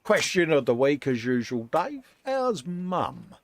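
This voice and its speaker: A man's voice: on the high side, big pitch swings, a little slow, a little hiss or hum. A British man co-hosting a model-making live stream, chatting casually and reading out viewer comments. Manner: chatty, calls people mate, laughs often.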